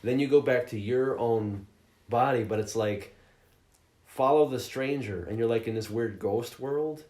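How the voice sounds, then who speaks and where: A man's voice: medium pitch, unhurried. Profane man telling a story, roomy echo. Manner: profane, animated storytelling with mocking quoted voices. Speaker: podcast host reviewing a game. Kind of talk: casual chat. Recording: roomy echoey room.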